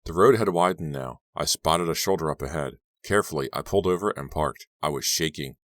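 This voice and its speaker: Male audiobook narrator, extremely deep, dry close sound, tense telling. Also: brisk, fairly bright tone, no room sound. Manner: tense, dramatic storytelling. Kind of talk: scripted first-person narration.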